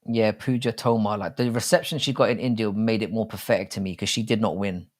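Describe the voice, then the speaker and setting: Rambling, swearing streamer. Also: male voice, on the low side, fairly even intonation, fairly quick. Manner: rambling, swears freely, restarts often. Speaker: live stream host. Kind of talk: casual live chat.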